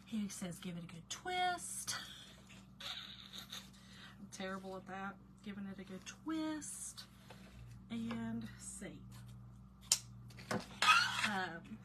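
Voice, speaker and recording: Slow-talking woman chatting on a craft stream. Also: medium pitch, wildly swooping pitch. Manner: chatty, warm greetings to chat viewers, often drops to quiet mutters while concentrating. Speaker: craft livestream host. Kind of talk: casual live craft demo chatting with viewers. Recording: noticeable background noise.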